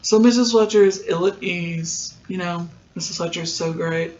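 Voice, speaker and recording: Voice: mid-range voice, normal speed, a little mellow, a little hiss or hum. A podcast host giving a casual, rambling recap of a TV episode, full of ums and likes. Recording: dull lo-fi sound.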